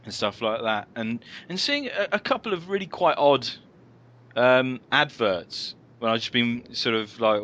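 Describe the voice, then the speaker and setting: A man's voice: lowish voice, sharp tone, muffled recording. A man co-hosting a comedy podcast, telling rambling stories in casual chat with lots of fillers and restarts. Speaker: podcast co-host.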